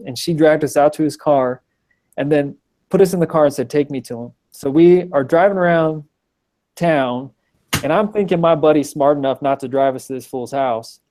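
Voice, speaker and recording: A man in his thirties tells a personal story as an interview guest over a video call. He is animated and conversational, trailing into ums and restarts. His voice sits in a plain middle register. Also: medium pitch.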